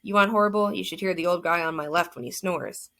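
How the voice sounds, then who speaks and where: A biting, wisecracking teenage boy ghost, as a woman reader puts him on in an audiobook. He teases in a low, gravelly voice. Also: fast talker, pushed and bright. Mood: teasing. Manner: teasing, wisecracking. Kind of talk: audiobook character voice.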